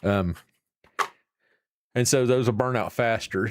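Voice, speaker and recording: A man's voice: on the low side, a little slow, dry recording, studio quality. A man with an Appalachian accent hosting a live stream and chatting casually with viewers in a folksy, rambling, salty way. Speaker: livestream host.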